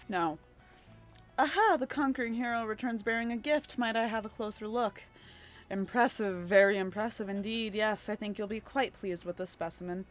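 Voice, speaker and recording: A woman's voice: medium pitch, natural voice. A woman voicing a pompous, fussy male scholar, reading game dialogue aloud in a formal, lecturing tone.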